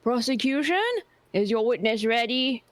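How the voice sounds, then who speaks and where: A woman's voice: fairly high pitch, moderate pace, no echo, close to an everyday voice. A woman doing a stiff courtroom judge. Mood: formal. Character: male judge presiding over a court.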